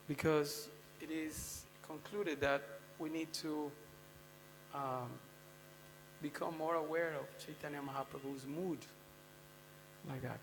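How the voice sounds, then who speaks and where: Gravelly man lecturing in a temple hall. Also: fairly high pitch. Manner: conversational, quizzing the audience with "huh?" and "you know?". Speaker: speaker giving a scripture class. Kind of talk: devotional scripture lecture. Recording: long hall reverb with faint mains hum.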